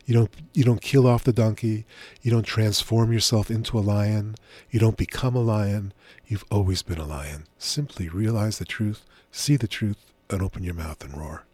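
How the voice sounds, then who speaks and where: A middle-aged man as a radio interview guest, telling stories in a gentle, unhurried way. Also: on the low side, husky, no room sound. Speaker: author and spiritual teacher as guest. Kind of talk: relaxed radio interview storytelling.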